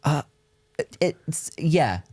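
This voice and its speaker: A man telling comic stories in a casual podcast chat, with an animated, rambling delivery. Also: fairly high pitch, takes it slowly, husky, no room sound. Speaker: podcast co-host.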